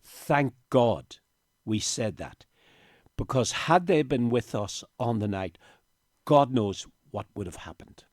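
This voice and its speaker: A man's voice: medium pitch, animated, slow pace, dry recording, studio quality. An older man, a guest on a radio show, telling his story with emotion and sometimes tearful. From Northern Ireland. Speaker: interview guest. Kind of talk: radio interview. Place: radio studio. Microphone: studio microphone.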